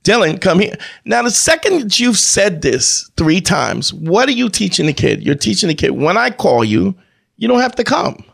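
Man, podcast guest, emphatic, repeats phrases, raised pitch, gravelly rasp. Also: very animated, normal speed, a bit bright. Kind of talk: casual opinionated chat.

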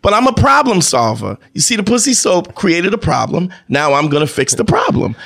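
A man's voice: sits high, sing-song, normal speed, creaky, hardly any pauses, fairly bright tone. A man in casual chat, telling a profane story with lots of acted-out dialogue.

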